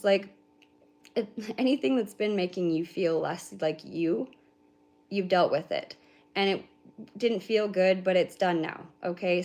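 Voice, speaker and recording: A woman's voice: mid-range voice, darkish tone. A young woman giving an intuitive spiritual reading on a livestream, talking in a rambling, heartfelt way with casual swearing. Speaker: spiritual reader.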